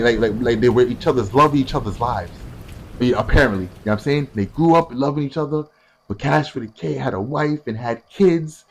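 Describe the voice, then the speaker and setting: A young man telling a story casually, animated and profane, acting out what other people said. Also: medium pitch, slight background noise.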